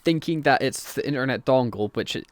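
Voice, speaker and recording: A man's voice: mid-range voice, fairly quick. A man co-hosting a podcast, chatting casually as he recaps a TV plot, swearing often and acting out the characters' lines. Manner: animated, sweary, acts out quotes. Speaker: podcast co-host. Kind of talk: casual chat recapping a TV show.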